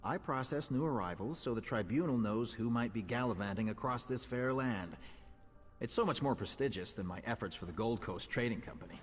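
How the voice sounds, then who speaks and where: A man's voice: medium pitch, lively intonation, a little fast, long reverb tail, natural voice. An actor playing a fussy, self-important male port clerk in a video game, prim and pompous. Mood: proud.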